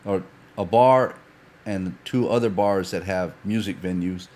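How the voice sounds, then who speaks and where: Profane, animated storyteller with a low voice. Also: male voice, unhurried. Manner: animated anecdote teller, swears freely, acts out dialogue. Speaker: guest. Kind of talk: casual chat, storytelling.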